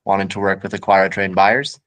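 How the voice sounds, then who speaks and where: A man's voice: low-pitched, little pitch movement, fairly quick, fairly bright tone. A man with a Canadian accent asking casual interview questions as host. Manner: friendly, laughs easily.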